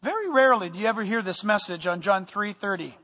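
A male pastor preaching a lively sermon to his congregation, joking with them and sometimes raising his voice. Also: high voice, quick pace, big-room sound. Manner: animated preaching with humor, sometimes loud. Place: church sanctuary.

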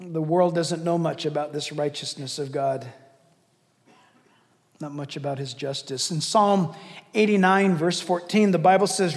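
A man preaching a sermon as pastor, impassioned, swinging from loud declaiming to hushed asides. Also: a little high, moderate pace. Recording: long reverb of a large hall.

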